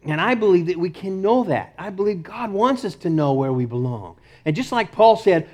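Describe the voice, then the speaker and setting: A pastor preaching a sermon with passion, repeating short declarations and swinging from loud insistence to quiet, intimate appeals. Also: male voice, high-pitched, animated, moderate pace. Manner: impassioned, repeats key phrases, rises then drops to near murmur. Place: church.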